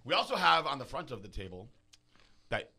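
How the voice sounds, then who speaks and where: A man's voice: medium pitch, sing-song, brisk, creaky, sharp tone, husky. A man co-hosting a casual chat, playful and joking, often laughing as he tells a story. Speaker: co-host. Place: office studio.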